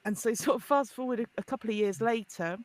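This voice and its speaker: Lively woman telling a story. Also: on the high side, quick pace, dry recording. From United Kingdom. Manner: lively, laughs often, many restarts. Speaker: guest expert, forensic linguist. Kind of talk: storytelling in a podcast interview.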